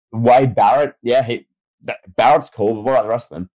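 Male co-host, conversational and questioning, average pitch, easy podcast banter. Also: fairly even intonation, fairly quick, darkish tone, low-quality recording. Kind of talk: casual wrestling discussion.

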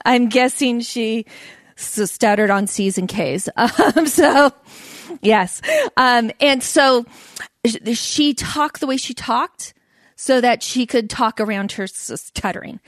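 A woman's voice: fairly high pitch, lively intonation, a little slow, no room sound, clean studio sound. A woman, giving a playful comedic talk to an audience, speaking with a stutter and laughing often. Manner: stutters, with repeated sounds and blocks. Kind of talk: stand-up style talk to a live audience.

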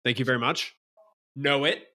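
A man's voice: medium pitch, moderate pace, sharp tone. A young man co-hosting a sports podcast, joking and rambling through his banter. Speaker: podcast co-host. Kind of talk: casual sports podcast chat.

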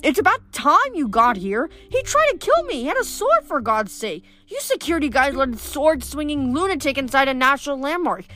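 A woman reading a storybook aloud, voicing a brash teenage girl who fires off blunt, exasperated questions in a rapid stream. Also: sits high, big pitch swings, fairly bright tone, voice pushed up.

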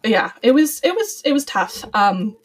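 A woman's voice: a little high, big pitch swings, measured pace, slightly rough. A young adult woman, a podcast guest and former cast member, talking in a chatty, rambling way with many fillers. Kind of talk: casual podcast conversation.

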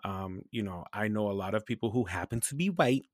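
A man from New Hampshire tells a story in a loose, animated way, swearing freely and breaking into laughter. His voice sits fairly low. The recording is dry and close. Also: fairly quick, no echo. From New Hampshire, USA. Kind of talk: casual chat.

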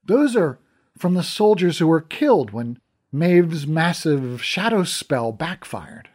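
A man's voice: fairly high pitch, very animated, slow, a little mellow, pitched above the performer's own voice, exaggerated voice. A man reading a curious young prince. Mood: earnest. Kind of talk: audiobook character reading.

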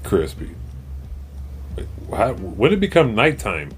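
A man co-hosting a podcast, telling crude jokes and animated stories in casual chat. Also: lowish voice, a little slow, slight background noise. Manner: crude, joking, animated storyteller. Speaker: podcast co-host.

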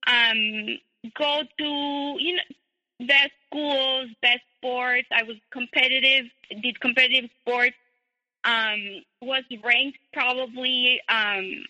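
A woman's voice: high-pitched, fairly even intonation, slow, pushed and bright. A woman guest telling her personal story, hesitant with many fillers. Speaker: interview guest. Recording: tinny phone line with long reverb.

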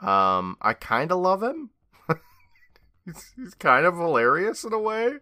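Laid-back rambling young man, bright voice. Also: a little high, wildly swooping pitch, unhurried. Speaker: podcast co-host. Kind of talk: casual chat.

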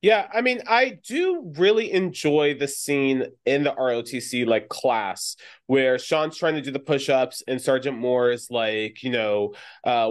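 A man co-hosting a casual podcast chat, recapping and acting out scenes with quick, lively quoting. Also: mid-range voice. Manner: animated, acts out quotes in lively voices. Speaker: podcast co-host.

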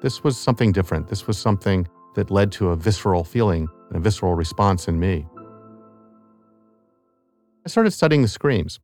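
A middle-aged man, a professor of ecology and evolutionary biology, explaining his research in a measured, academic way in an interview clip. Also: low-pitched, animated, a little mellow, faint music behind. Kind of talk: interview clip in a narrated podcast.

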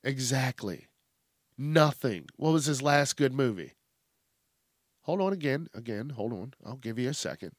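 A man hosts a comedy podcast in an unhurried, rambling rant. His pitch swings widely and he swears freely, often laughing at himself. The sound is dry and close to the mic. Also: animated, no echo. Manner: rambling, profane, self-mocking, acts out little voices. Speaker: podcast host.

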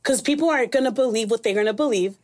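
A woman's voice: a little high, quick pace. A woman hosting a casual interview, telling stories animatedly and laughing often. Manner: animated storyteller who acts out quoted voices, laughs often. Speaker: host.

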